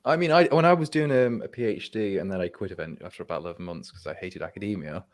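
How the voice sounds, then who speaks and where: A young Englishman with an English accent tells a wry anecdote over a video call. His voice sits low. He restarts often and slips into quoting what people said. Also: quick pace. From England. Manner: wry anecdotal storyteller, frequent restarts and quoted dialogue. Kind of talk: casual storytelling chat.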